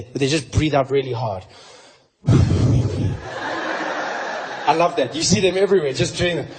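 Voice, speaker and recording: A man doing a stand-up comedy set, animated and swinging between shouting and muttering. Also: high voice. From South Africa. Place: large live comedy venue. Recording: live stage recording with audience noise.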